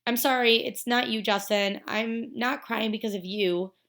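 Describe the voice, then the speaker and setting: A woman's voice: a little high, normal speed, fairly bright tone. A woman reading aloud and voicing a teenage girl who is defensive and tearful. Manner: tearful, pleading.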